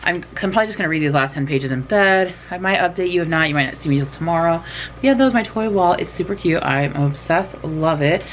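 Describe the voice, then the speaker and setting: A woman's voice: fairly low pitch, expressive, fast, a little hiss or hum. A young woman chatting casually to camera in her bedroom, rambling and poking fun at herself. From California. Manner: rambling, chatty, self-deprecating. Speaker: writing vlogger. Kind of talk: casual vlog chat. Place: bedroom at home, in doors.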